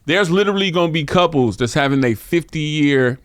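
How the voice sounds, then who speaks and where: A man's voice: on the high side, expressive, fairly quick, a bit bright, clean tone, dry recording, studio quality. A middle-aged man from Vallejo, California, a rapper guest telling stories in a laid-back, streetwise way, peppered with "you feel me.". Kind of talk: casual interview storytelling.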